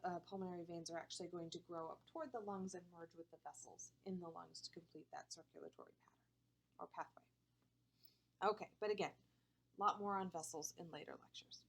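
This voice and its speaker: A woman with a breathy, slightly husky voice lectures in a recorded university class. She explains step by step, checking in with frequent okays and ums. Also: mid-range voice, poor audio.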